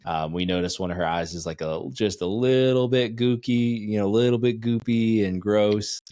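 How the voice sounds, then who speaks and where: Deep-voiced, matter-of-fact podcast dad. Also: male voice, normal speed, dark tone, clear, resonant tone. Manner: matter-of-fact storytelling with fillers. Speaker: podcast co-host. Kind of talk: casual chat.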